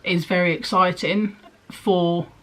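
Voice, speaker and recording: Speaking slowly and with a flat delivery, a young pregnant woman with a lowish voice chats casually for her vlog. She rambles as she answers questions, using lots of ums and likes.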